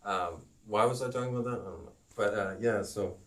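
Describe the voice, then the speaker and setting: A man teaching geography on a live stream, rambling and halting as he goes. His voice sits on the low side. He sounds a little distant from the microphone. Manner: rambling, halting, self-promoting.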